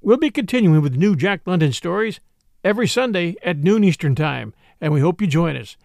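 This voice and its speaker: A man reads an adventure tale aloud, his voice high for a man and gravelly at the edges. He moves his pitch around a lot. The sound is close and dry. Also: animated, brisk, a little mellow, dry recording. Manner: dramatic audiobook reading, voicing each character. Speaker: host and storyteller. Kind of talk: scripted narration.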